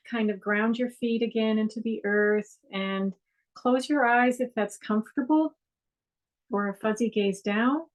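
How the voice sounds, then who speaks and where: A woman teaching a mindfulness class over a video call, talking gently and meandering with frequent fillers. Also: on the high side, low-quality recording. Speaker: meditation instructor. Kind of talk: guided meditation class.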